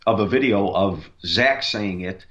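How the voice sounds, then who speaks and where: A man's voice: lowish voice, a little slow, fairly bright tone, dull audio. A man, a paranormal investigator, tells a long story in a rambling way, with many fillers and restarts. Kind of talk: casual storytelling on a radio interview.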